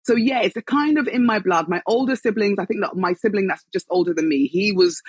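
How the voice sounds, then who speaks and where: A woman in her fifties speaks with a softened London accent. Her voice is husky and breathy, and she talks in a theatrical, chatty way, laughing often. The sound is dry and close to the mic. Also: mid-range voice, brisk, no room sound. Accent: softened London English. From southeast London, England. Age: 50s. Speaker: guest, actress and entrepreneur. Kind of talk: casual interview chat.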